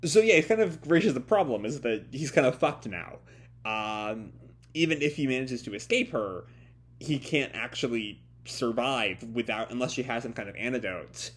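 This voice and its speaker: A man's voice: mid-range voice, lively intonation, moderate pace, slightly rough. Hesitant man talking through a comic. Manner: hesitant, many fillers and restarts. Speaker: manga reviewer. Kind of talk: casual live reading commentary.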